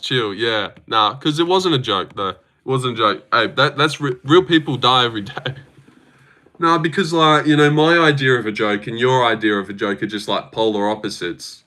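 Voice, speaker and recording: A man's voice: on the low side, normal speed, sharp tone. A man hosting a casual livestream, rambling and swearing freely while reading out and answering chat messages. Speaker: livestream host reacting to fights.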